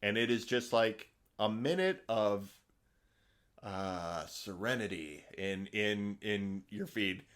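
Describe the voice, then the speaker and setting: Low-voiced middle-aged man, rambling chat. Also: animated, slow, fairly bright tone. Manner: rambling, many fillers and restarts. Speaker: podcast co-host. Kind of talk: casual chat.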